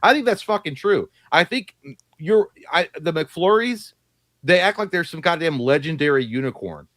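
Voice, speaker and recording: A man's voice: a little high, lively intonation, moderate pace, a bit bright, dry recording. A man co-hosting a live movie stream, reading out viewer messages and bantering with crude jokes. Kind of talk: casual live-stream chat.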